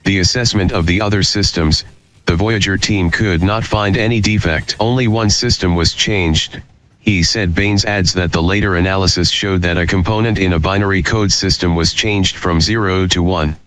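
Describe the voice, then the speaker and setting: Man, very low voice, podcast co-host, reading news aloud, steady. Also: moderate pace.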